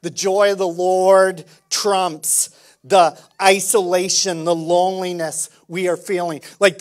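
A man preaching a sermon as pastor, animated and playful, acting out little dialogues and swinging from soft asides to loud calls. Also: high voice.

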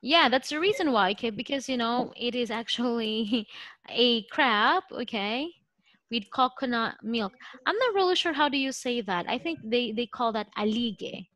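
Bright-voiced Filipino woman teaching online. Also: fairly high pitch, expressive, normal speed, dry recording. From Philippines. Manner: patient, thinks aloud with many okays. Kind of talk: online English lesson. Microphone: video call.

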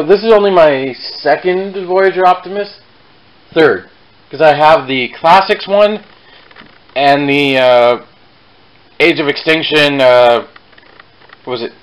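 A man's voice: medium pitch, poor audio. A young man casually reviewing a toy on his vlog, rambling and correcting himself mid-sentence with chatty asides.

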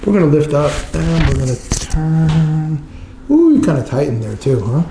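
Upbeat chiropractor with a roomy echo. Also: male voice, a little high, sing-song, normal speed, dark tone, a little hiss or hum. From New Jersey / New York. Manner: reassuring, coaching, repeats short cues. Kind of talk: talking a patient through treatment. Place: chiropractic clinic room.

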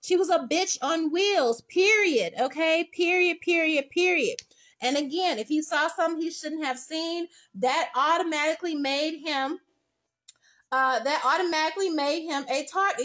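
A woman's voice: high-pitched, normal speed. A woman giving a casual tarot reading, blunt and profane, acting out little scenes as she talks. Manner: blunt, profane, animated storytelling with acted-out quotes. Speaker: tarot reader.

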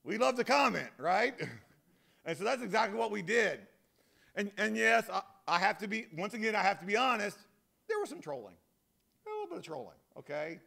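A man giving a conference keynote talk in an animated, joking, self-deprecating manner. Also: high voice, brisk, vocal fry. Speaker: keynote speaker.

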